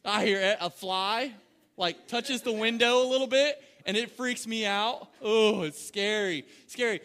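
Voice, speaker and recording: Pastor guy preaching, kinda high voice, bright tone, chatty with the church. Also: unhurried. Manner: animated, joking, talks to the congregation. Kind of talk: sermon.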